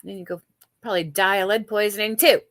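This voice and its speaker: Talking fast with fairly even intonation, a livestream host gossips and chats casually with viewers, cursing freely and frequently restarting what she says. Her voice is medium-pitched and fairly bright, recorded dry.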